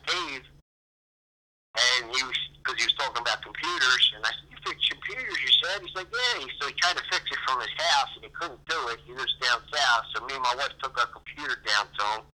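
Angry grieving father, rambling and heated, very bright voice, phone-line audio. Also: medium pitch. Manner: rambling, repetitive, heated, quoting others. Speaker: guest, father of a fallen soldier. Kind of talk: emotional interview storytelling.

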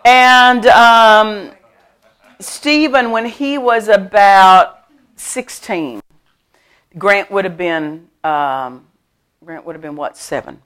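A middle-aged woman pastor preaching a sermon at a church service. She tells stories with lively emphasis, laughs often, and repeats her key phrases. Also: medium pitch, drawn-out words, clear, resonant tone. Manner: animated storytelling with frequent laughter.

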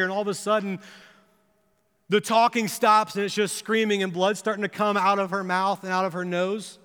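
High, bright-voiced man preaching in a hall. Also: flat delivery, fairly quick, clean tone. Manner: earnest storytelling, building to impassioned pleas. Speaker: pastor. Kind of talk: sermon with personal story. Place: church sanctuary. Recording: long reverb of a church hall.

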